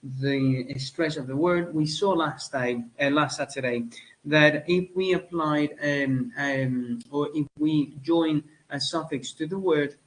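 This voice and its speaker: A man's voice: on the high side, slow, rough recording. Hesitant man teaching a grammar lesson. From Spain. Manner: hesitant, many fillers and self-corrections. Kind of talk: spoken lecture.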